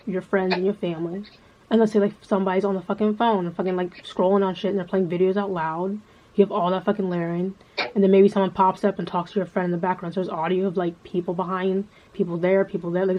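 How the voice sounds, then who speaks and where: Low-voiced woman rambling, lo-fi. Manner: profane, rambling, lots of filler words. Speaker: vlogger. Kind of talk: casual rambling monologue. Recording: dull lo-fi sound with faint background noise.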